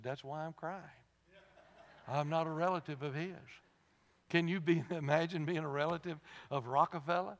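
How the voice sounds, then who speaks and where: Preacher in a reverberant church. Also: male voice, fairly high pitch. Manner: conversational, asks the congregation questions, laughs at his own stories. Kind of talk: sermon. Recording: long hall reverb.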